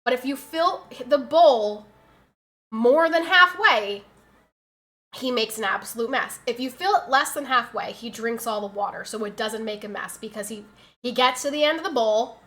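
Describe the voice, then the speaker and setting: Chatty, bright-voiced woman streamer. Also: on the high side, normal speed. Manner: chatty, exasperated storytelling, reads chat aloud. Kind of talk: casual livestream chat.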